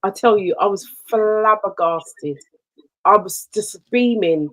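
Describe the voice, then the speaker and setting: A woman co-hosting a radio chat show, telling personal stories in an expressive way. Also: medium pitch, slow, poor audio. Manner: warm storytelling, expressive.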